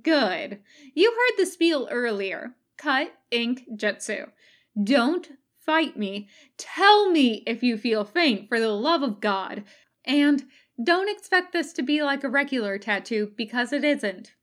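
A woman reading a brisk, bossy female tattoo artist, a touch higher and slower than her narration. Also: very animated, exaggerated voice. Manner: brisk, commanding.

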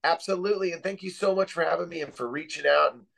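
Gravelly fast-talking male guest. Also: fairly high pitch, fairly bright tone, rough recording. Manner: effusive, thankful, repeats himself. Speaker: musician guest. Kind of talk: casual chat.

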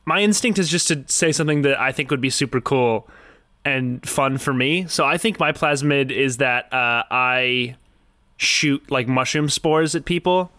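A man's voice: mid-range voice, a little slow, pushed and bright. A man co-hosting a casual comedy podcast about games, jokey and rambling, with plenty of fillers. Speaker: podcast co-host.

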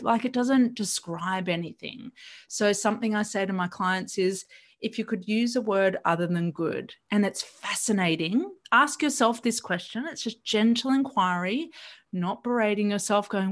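A woman coach talking in a podcast-style conversation. Her delivery is gentle and reflective, with a middle-pitched voice and an easy, thoughtful flow. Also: normal speed. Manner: gentle, reflective, self-questioning. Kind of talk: conversational interview.

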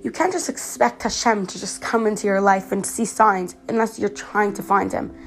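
A woman's voice: mid-range voice, fairly even intonation, normal speed. Chatty teenage girl, slightly sick. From Canada. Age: teens. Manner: chatty, earnest, many fillers and restarts. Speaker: podcast host. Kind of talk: casual personal podcast monologue.

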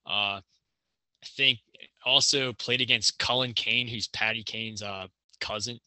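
A man's voice: on the low side, fairly even intonation, a little slow, sharp tone, no echo. A young man, a college hockey player, chatting casually on a podcast and rambling with lots of fillers and restarts. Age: young adult.

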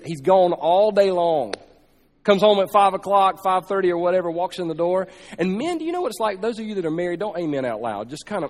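High-voiced pastor preaching in a hall. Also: male voice, a little mellow. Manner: storytelling, acts out dialogue with voices. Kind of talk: sermon. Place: large church hall. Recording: sermon clip in a reverberant hall.

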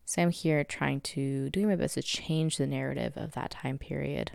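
A young woman in her twenties chats through her own podcast from home. Her voice sits low and gravelly, with a dry, close sound. She talks candidly, swears freely and laughs often. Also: fairly even intonation, moderate pace, darkish tone, no echo. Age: 20s. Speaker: podcast host. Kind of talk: casual solo podcast chat.

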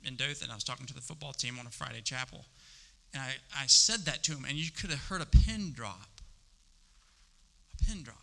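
A middle-aged man preaching a sermon, stressing some words loudly and dropping to a hush on others. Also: a little high, vocal fry. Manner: emphatic, swings between loud stresses and hushed asides. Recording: long reverb of a large hall.

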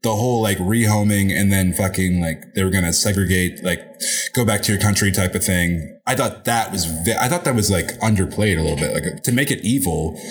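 A man co-hosting a podcast in casual chat, animated and profane, with lots of filler. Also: low-pitched, fairly quick, breathy edge. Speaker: podcast co-host.

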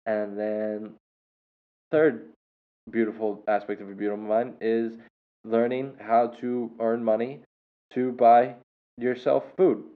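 A man's voice: medium pitch, little pitch movement, takes it slowly, long pauses. A man hosting a show and telling a story in a casual, rambling way, with many fillers and self-corrections. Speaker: podcast host and English teacher. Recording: tinny phone-like sound.

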